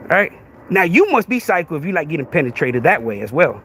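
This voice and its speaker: A man's voice: on the high side, big pitch swings, brisk, a bit bright, slightly rough. A man, hosting a podcast livestream with a crude, confrontational rant that keeps asking "right?". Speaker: podcast host.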